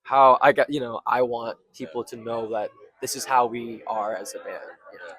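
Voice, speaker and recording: A man's voice: mid-range voice, fairly even intonation, normal speed, fairly bright tone. A young man, a band member, talking casually in an interview with loose, filler-filled phrasing. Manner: loose, filler-heavy, joking.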